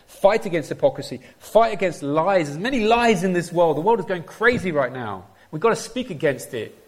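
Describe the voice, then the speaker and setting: A man preaching a sermon, often asking the congregation direct questions. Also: fairly high pitch. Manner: lively, asks the congregation questions.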